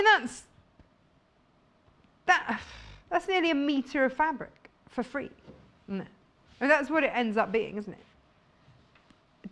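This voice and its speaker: Chatty lady on a shopping channel, kinda high pitched, giggly and jokey. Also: fairly bright tone. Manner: bubbly, laughs often, jokey asides. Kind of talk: live sales presentation, chatty.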